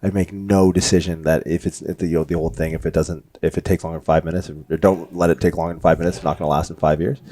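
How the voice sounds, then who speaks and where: A man's voice: low-pitched, level tone, quick pace, few pauses, mellow. A man co-hosting a podcast, speaking bluntly and punchily and swearing casually. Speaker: podcast co-host.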